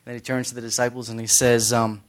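A man's voice: mid-range voice, level tone, fast. A man teaching a Bible study in a conversational sermon style, making joking asides and quoting scripture.

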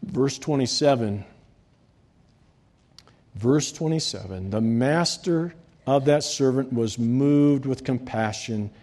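A man preaching a sermon, swinging between loud, rising reading and quiet, dropped endings. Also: medium pitch, takes it slowly, pauses often. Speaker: pastor.

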